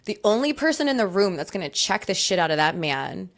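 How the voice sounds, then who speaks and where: Animated, joking young woman. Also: medium pitch, fairly quick. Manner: animated, jokey, swears freely. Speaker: podcast host. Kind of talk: casual chat.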